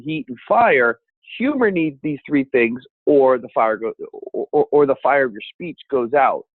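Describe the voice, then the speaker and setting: A man teaching a seminar on speaking with an energetic, emphatic coaching delivery. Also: on the high side, dry recording. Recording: dry, phone-like sound.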